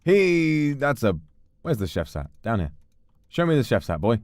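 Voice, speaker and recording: A man casually commentating a horror game on a livestream, joking around and slipping into silly voices and yells. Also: fairly low pitch, sing-song, moderate pace, no room sound. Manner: playful, jokey, shifts into silly voices and yells. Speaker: streamer.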